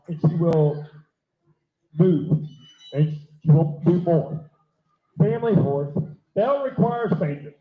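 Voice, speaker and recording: Older male auctioneer with a fast rhythmic chant and folksy drawl, lo-fi and roomy. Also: fairly high pitch. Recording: echoey dull live-stream audio.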